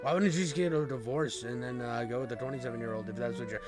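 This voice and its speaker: A man's voice: medium pitch, quick pace, music in the background. A man giving casual reaction commentary, incredulous and rambling, with lots of fillers and some swearing. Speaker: reaction streamer.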